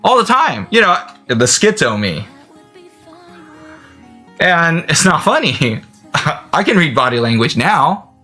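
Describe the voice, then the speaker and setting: A man's voice: fairly high pitch, sing-song, takes it slowly, pauses often, sharp tone, soft background music. A man whose first language is not English, rambling to camera in a vlog, giggling and laughing often between thoughts. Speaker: vlogger. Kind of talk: rambling self-talk to camera.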